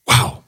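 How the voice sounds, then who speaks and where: A man giving opinionated news commentary, sarcastic, often acting out the people he quotes. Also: sharp tone.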